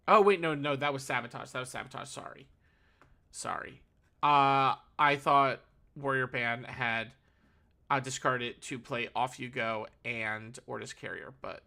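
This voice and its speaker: Man, tournament caster, play-by-play commentary, analytical, self-correcting, bright voice, mid pitch. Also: gravelly. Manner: analytical, thinking aloud and correcting himself. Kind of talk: solo play-by-play card game commentary.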